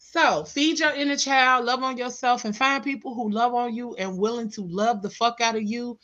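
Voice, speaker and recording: Bright, blunt woman host. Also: a little high, steady tone, normal speed, muffled recording. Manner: blunt, profane, laughing. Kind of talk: casual chat.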